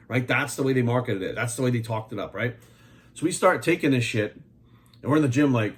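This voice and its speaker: A man in his forties delivers a heated monologue straight to his audience. He swears freely and speaks with a rapid, pushy, no-nonsense bluntness. His pitch sits in an ordinary middle range. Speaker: fitness coach and supplement maker. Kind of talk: ranting monologue to camera.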